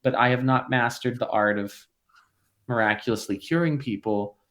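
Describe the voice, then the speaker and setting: A man, a parish priest, speaking in a podcast conversation. He throws himself into quoted lines with sudden leaps in pitch and laughs easily. When the subject turns grave, his voice drops low and quiet. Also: normal speed. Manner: animated, acts out quotes with big pitch jumps.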